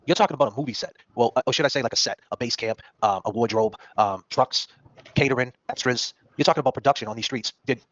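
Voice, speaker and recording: A man hosting a casual true-crime talk show, talking rapidly and acting out the people he quotes. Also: mid-range voice, dry recording. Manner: rapid, animated, acts out quoted people in put-on voices. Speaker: podcast host. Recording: dull, dry lo-fi stream audio.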